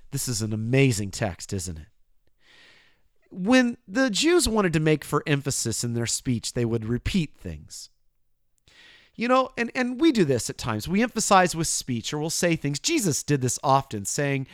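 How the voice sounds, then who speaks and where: A man preaching a sermon, addressing the listener directly, moving between hushed asides and loud proclaimed lines. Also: a little high, sing-song, normal speed, no room sound, clean studio sound.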